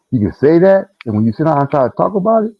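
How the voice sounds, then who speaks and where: Animated man on a dull call line. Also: fairly quick. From Detroit. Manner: animated, rising to a high pitch when venting. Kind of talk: casual panel discussion. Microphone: online call mic. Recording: dull, lo-fi online call audio.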